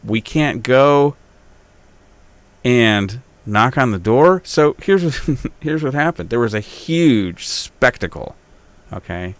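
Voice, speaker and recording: A man's voice: mid-range voice, expressive, takes it slowly, no room sound. A man hosting his own podcast, telling a local story in a rambling, self-interrupting way, with an Upstate New York accent. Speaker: podcast host. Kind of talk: casual monologue.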